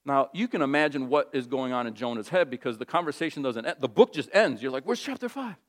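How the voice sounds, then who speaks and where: A man's voice: medium pitch, fast talker. A man preaching a sermon in a casual, conversational way, telling stories with lots of animation. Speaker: pastor.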